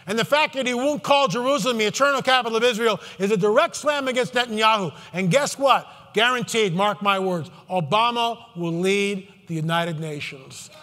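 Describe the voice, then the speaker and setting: A man's voice: high-pitched, moderate pace, few pauses, bright, forceful tone, big-room sound. A man giving an impassioned conference talk from a stage, fervent and emphatic, with many asides and restarts. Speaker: conference speaker.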